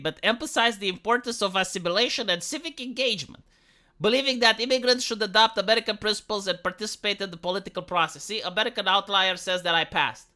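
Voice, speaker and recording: A man's voice: high-pitched, bright, forceful tone. A young man from Romania giving profane, opinionated commentary on a live stream, full of rhetorical questions.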